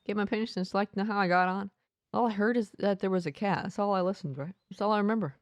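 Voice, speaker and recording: A woman's voice: medium pitch, quick pace, no echo. A woman streaming a game live, playfully reading the game's text aloud with asides.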